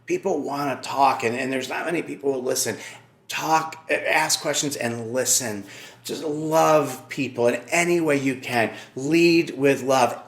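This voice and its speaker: A man's voice: mid-range voice, reverberant. A male pastor, likely middle-aged, preaching a sermon and telling an earnest personal story, repeating key phrases.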